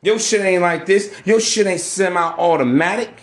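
A man's voice: sits high, normal speed. A man hosting a podcast, delivering a brash, profane, preachy monologue. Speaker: podcast host. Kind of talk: ranting monologue.

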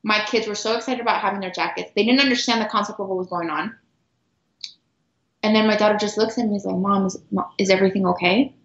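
A middle-aged woman guest telling a personal story earnestly, with halting restarts and repeated words. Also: mid-range voice, fairly even intonation. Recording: roomy, dull lo-fi sound.

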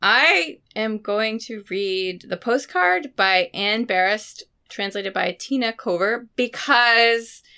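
A woman's voice: mid-range voice, sharp tone, clean tone. A woman co-hosting a book podcast, chatting casually and enthusiastically with many "like"s, while a bit sick. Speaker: podcast co-host.

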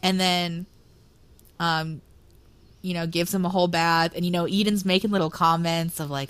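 A woman's voice: fairly low pitch, steady tone, moderate pace, pauses often, fairly bright tone, clear, resonant tone, no room sound. A woman co-hosting a book podcast in casual chat, laughing often and reading quotes aloud. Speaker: podcast co-host.

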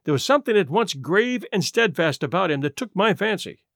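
A man narrating a classic detective story in the first person. His reading is animated and expressive, with a fairly high pitch for a man, and the recording is dry and close. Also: brisk, no echo. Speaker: audiobook narrator.

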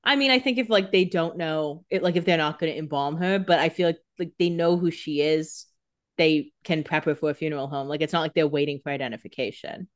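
A woman co-hosting a podcast, chatting casually about a TV episode with lots of fillers, quick jokes and frequent laughter. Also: sits low. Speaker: podcast co-host. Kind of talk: casual recap chat.

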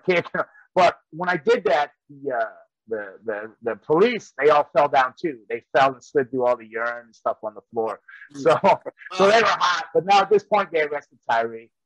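A man's voice: a little high, lively intonation, normal speed, a bit bright, no room sound, dull audio. A man and former wrestler telling rambling stories in casual chat, often laughing as he goes. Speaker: professional wrestler and trainer.

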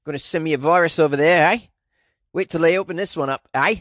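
A man's voice: on the high side, fast, a bit bright, no room sound, clean studio sound, lightly acted. A man putting on a mock Australian accent to play a gleeful scheming prankster who drawls and tacks "eh" onto his lines. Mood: smug scheming. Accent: put-on Australian.

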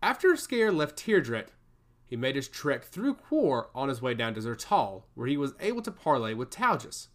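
A man's voice: mid-range voice, very animated, moderate pace, fairly bright tone. A man voicing a smug, scheming male servant of a god who taunts and giggles, in a storybook reading. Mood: taunting.

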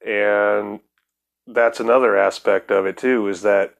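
A man's voice: on the low side, fairly even intonation, measured pace, vocal fry. A man hosting a casual podcast chat, laid-back, who swears casually and laughs often. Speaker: podcast host.

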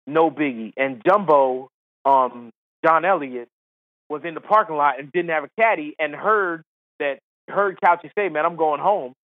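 High-voiced man telling stories over a phone line. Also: a little slow, dry recording. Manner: animated, laughing storyteller who acts out others. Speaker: podcast guest, former tour caddie. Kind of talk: storytelling in casual chat. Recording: tinny phone-line sound.

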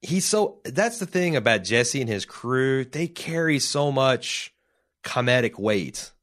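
A man co-hosting a casual podcast, talking excitedly and swearing, often mimicking characters in sudden high voices. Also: takes it slowly. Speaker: podcast co-host. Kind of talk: casual show discussion.

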